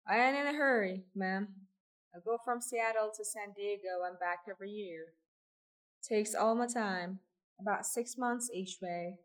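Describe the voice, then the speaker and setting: A woman's voice: medium pitch, measured pace, recorded from a distance, close to an everyday voice. A woman reading aloud, voicing a persistent traveling tinker man with a folksy, coaxing way of talking.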